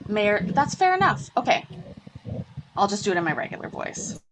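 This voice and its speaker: A woman's voice: medium pitch, very animated, normal speed. A woman hosting a casual livestream, chatting and reading a news article aloud with asides. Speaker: livestream host. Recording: noisy home stream with clicks.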